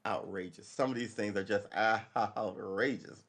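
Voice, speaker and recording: A man's voice: fairly low pitch, fairly bright tone, slight background noise. A middle-aged man hosting a live stream, giving casual, rambling commentary as he reads and reacts to a news article, swearing freely. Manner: rambling and profane, acts out quick imagined dialogue.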